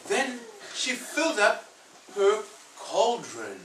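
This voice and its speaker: A woman reads a rhyming storybook aloud at a slow, unhurried pace, her pitch rising and falling with lots of expression. She invites the children to join in, and she is heard from a distance in an echoey room with clear background noise. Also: wildly swooping pitch, fairly bright tone. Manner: playful, inviting listeners to join in. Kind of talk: reading a picture book aloud. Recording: echoey room, far from the mic, noisy.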